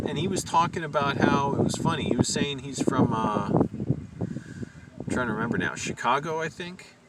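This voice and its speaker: A man's voice: on the high side, animated, normal speed, gravelly. Rambling storyteller man, far from a noisy mic. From Virginia. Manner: rambling, self-correcting, amused. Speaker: vlogger telling a story. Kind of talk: casual storytelling. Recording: distant mic with loud background noise.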